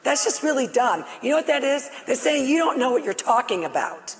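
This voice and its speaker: A middle-aged woman on stage, giving a loud, passionate, excitable testimony to a live audience. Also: sits high, brisk. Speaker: guest speaker sharing her healing testimony. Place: on stage before a live audience in a large hall. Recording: long reverb of a large hall.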